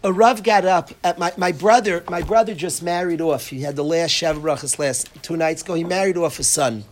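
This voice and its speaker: A man's voice: on the high side, fairly quick. A man gives a Torah lecture to students. He speaks earnestly, repeating his points and mixing in Hebrew and Yiddish terms. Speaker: rabbi teaching in a yeshiva.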